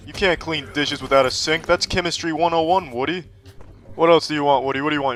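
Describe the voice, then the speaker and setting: Deadpan guy streaming a game, cussing constantly, voice a bit on the high side. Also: fairly quick. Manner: deadpan, profane. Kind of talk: gameplay commentary.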